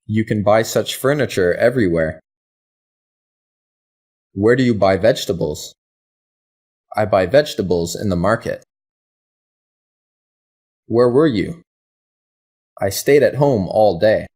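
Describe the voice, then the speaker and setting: Slow, husky man reading English drills. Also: on the low side. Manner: reads both question and answer in even, careful drills. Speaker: English lesson reader. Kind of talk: slow scripted question-and-answer reading.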